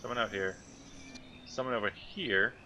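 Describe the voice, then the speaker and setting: A man's voice: lowish voice, steady tone, moderate pace, pushed and bright, dull audio, slight background noise. A man giving casual, thinking-aloud commentary while playing a city-building game. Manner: muttering to himself, thinking aloud. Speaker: gameplay commentator.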